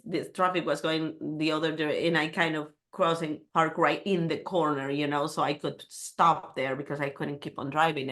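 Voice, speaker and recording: A middle-aged woman speaks as a guest, recounting a personal story with candor and feeling. Her voice sits on the low side for a woman. Her English carries small non-native grammar slips. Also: fairly bright tone.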